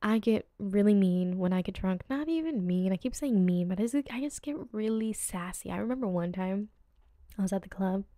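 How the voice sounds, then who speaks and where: Young woman, 20s, podcast host, casual rambling storytelling, mellow warm tone, dry close sound. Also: a little fast, dry recording. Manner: chatty, rambling, lots of fillers, acts out quotes with pitch jumps.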